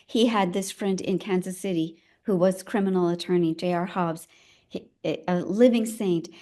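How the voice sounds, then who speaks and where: In a somewhat low, slightly mellow voice, an elder midwife shares her life story during a conversation. She speaks reflectively, halting now and then while searching for the right words.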